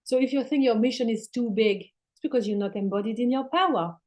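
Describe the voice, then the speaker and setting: A woman spiritual teacher, fairly high-pitched and fairly quick, is a guest in a casual talk about spirituality. She swears in an easygoing way and at moments eases into soft near-whispers.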